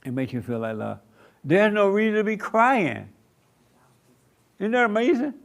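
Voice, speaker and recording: Gravelly man preaching with emphatic repetition. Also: high voice, sing-song, normal speed. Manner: emphatic, repeats short commands. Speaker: pastor. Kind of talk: sermon to a small congregation. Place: church meeting room.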